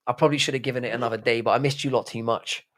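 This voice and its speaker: A man's voice: mid-range voice, steady tone, very fast, fairly bright tone. A man with a strained throat hosting a livestream, reading out chat and bantering back in a laddish, sweary way. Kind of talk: casual live stream chat.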